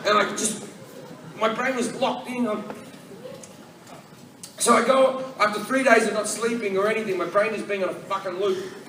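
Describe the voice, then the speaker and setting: A man doing stand-up, telling a profane story with animated delivery and acting out other people's voices. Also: high-pitched, normal speed, pauses often, slight background noise. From Australia. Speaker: stand-up comedian. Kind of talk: stand-up comedy set. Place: large comedy venue with a live audience. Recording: echoey hall, voice from far off, loud ambience.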